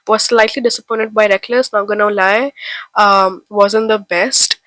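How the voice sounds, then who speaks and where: A young woman from India, stuffy with a head cold, gushes to her viewers about the books she can't wait to read. Her chatty voice sits at an ordinary pitch, and it sounds dry and close to the mic. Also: steady tone, unhurried, fairly bright tone, dry recording, low-quality recording. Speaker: book vlogger. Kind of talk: casual chat to camera.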